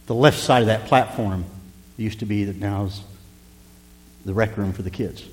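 Impassioned pastor preaching in a reverberant hall. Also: male voice, lowish voice, moderate pace. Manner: impassioned, swinging between hushed pleading and loud preaching. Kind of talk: sermon. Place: church sanctuary.

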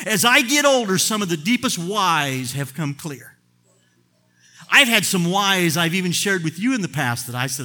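Impassioned bright-voiced male preacher. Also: a little high. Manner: impassioned, swings between loud emphatic bursts and quiet asides. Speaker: pastor. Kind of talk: sermon.

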